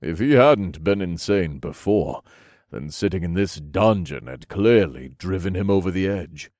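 A man narrating a first-person fantasy audiobook in a measured, steady storytelling manner. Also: low-pitched, no room sound, clean studio sound.

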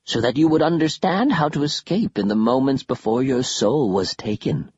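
A man voicing whispering, skull-headed library spirits who try to trade for souls, in a slow, hushed, tempting husky voice in an audiobook. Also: mid-range voice, lively intonation, no echo, lo-fi sound. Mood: sinister tempting. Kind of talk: audiobook reading.

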